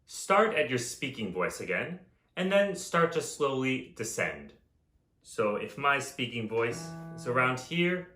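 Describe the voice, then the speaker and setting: A man leads a voice lesson in a calm, instructive manner, taking his time over each point. His speech is slow and measured, and his voice has a middle pitch. The recording carries a noticeable room echo. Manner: slow, calm instructive delivery with drawn-out chanted examples. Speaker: voice teacher. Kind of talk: vocal lesson with sung demonstrations.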